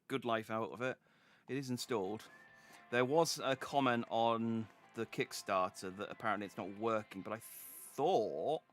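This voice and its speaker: A man's voice: mid-range voice, a bit bright. A young man chatting casually and joking while playing a game on a stream. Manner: chatty, jokey. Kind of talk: casual gameplay commentary.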